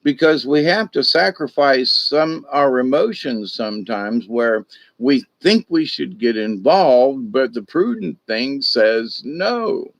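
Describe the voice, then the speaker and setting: A man's voice: mid-range voice, expressive, slow pace, no echo. A middle-aged man, hosting a casual spiritual talk in a rambling, folksy way that repeats itself. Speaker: spiritual discussion host.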